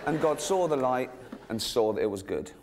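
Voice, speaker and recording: English male comic, mid-range voice, mock-serious stand-up with excited bursts, noisy live room with laughter behind. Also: mid-range voice, a loud crowd. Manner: mock-earnest, halting with ums, bursts into giddy excitement. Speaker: stand-up comedian. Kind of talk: stand-up comedy routine. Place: live comedy stage.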